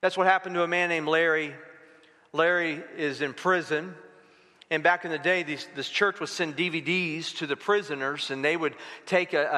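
A middle-aged male pastor giving a sermon, telling stories in an animated way and acting out the dialogue. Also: on the high side. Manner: storytelling, animated, acts out dialogue. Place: church sanctuary. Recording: long hall reverb.

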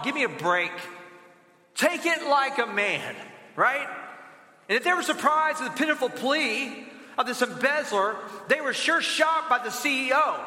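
A man preaching a sermon, telling a story and asking the audience rhetorical questions, with sudden deep drops in pitch for emphasis. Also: bright, forceful tone. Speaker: pastor. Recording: echoey hall with long reverb.

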